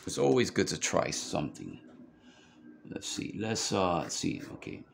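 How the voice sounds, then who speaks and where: Gravelly low-voiced man teaching drawing. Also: wildly swooping pitch, unhurried, a little hiss or hum. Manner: rambling, chatty, lots of fillers. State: hiccups. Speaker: drawing instructor. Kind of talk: casual drawing tutorial.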